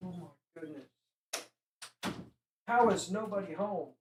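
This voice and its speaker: A man's voice: high-pitched, slow, a little hiss or hum. A young man chatting casually on a livestream at home, rambling and thinking aloud as he reads viewers' chat. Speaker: livestream stock analyst.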